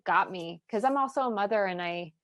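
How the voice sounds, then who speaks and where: Woman coach guesting on a podcast, excited and emotional, dry close sound. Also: medium pitch, dry recording. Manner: excited and heartfelt, quick to get emotional. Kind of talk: casual interview chat.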